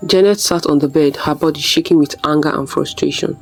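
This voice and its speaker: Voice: mid-range voice, steady tone, brisk, few pauses, faint music behind, low-quality recording. A storyteller narrating a scripted folktale in a dramatic, suspenseful way.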